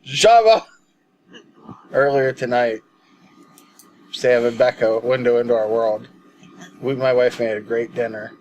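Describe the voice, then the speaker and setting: A man's voice: medium pitch, flat delivery, measured pace, long pauses, darkish tone, dull audio. A man co-hosting a casual movie podcast, telling rambling stories with a joking tone and frequent laughs. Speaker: podcast co-host. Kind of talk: casual chat.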